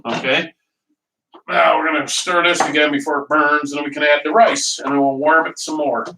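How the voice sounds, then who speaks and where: This kitchen livestreamer's voice sits fairly high and steady, and he speaks quite quickly. He rambles chattily through a casual cooking stream, laughing often and naming viewers as he greets them. He's off-mic in an echoey room with a noisy background.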